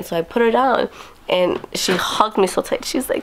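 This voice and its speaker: A young woman vlogger telling a story in a casual, animated way, acting out the quotes. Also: lowish voice, moderate pace, a little hiss or hum.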